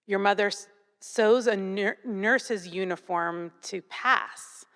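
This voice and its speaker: A woman puts gentle, measured questions to a guest on stage. Her voice is smooth and clear, carried by a long hall reverb. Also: mid-range voice. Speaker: interviewer. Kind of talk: onstage interview questions.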